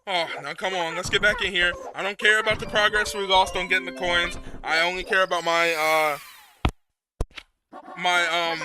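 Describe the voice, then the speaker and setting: A young man streaming a retro game, chatting casually with his viewers, excitable and prone to repeating himself when nervous. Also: high voice. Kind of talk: casual live-stream chat.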